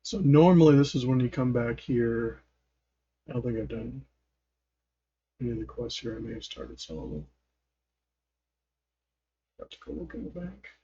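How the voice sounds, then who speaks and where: Mellow-voiced man rambling over gameplay. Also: mid-range voice, animated, normal speed, long pauses, breathy edge, lo-fi sound. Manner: rambling, chuckling, trailing off mid-sentence. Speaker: gaming channel host. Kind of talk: casual gameplay commentary.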